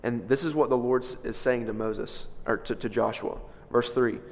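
A man preaching in a church, his voice sitting at an ordinary middle pitch. He leans on key words with sudden swells of loudness, then falls back almost to a murmur. A long hall reverb trails behind every phrase. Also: steady tone, normal speed, vocal fry, hardly any pauses. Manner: emphatic, swells and drops in loudness for stress. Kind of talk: expository sermon.

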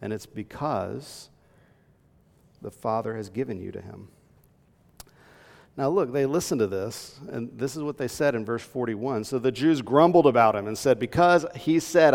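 A man preaching with a gravelly, creaky voice, reading verses and teaching with earnest emphasis. His voice carries a long reverb, as if in a large hall. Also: mid-range voice, a little mellow. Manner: earnest teaching, reading scripture aloud, rising to emphatic peaks. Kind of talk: sermon.

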